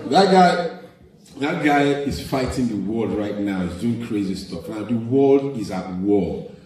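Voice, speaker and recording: A man from Nigeria with a Nigerian accent, performing a stand-up comedy set and mimicking parents and children in squeaky voices. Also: animated, measured pace. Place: large theater stage. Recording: echoey live hall from a distance, loud crowd laughter.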